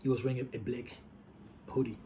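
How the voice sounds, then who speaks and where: A man tells a personal story in a relaxed, casual way at a mid-range pitch. He is candid and profane, and he circles back over his words as he goes. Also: fairly quick, slight background noise. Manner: candid, profane, repeats himself. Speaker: vlogger.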